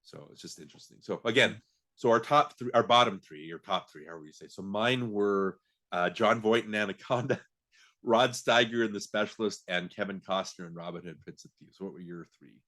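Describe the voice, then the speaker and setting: A man with a fairly low, brisk voice and a sharp tone co-hosts a podcast. He chats casually and ramblingly about films, frequently restarting his sentences.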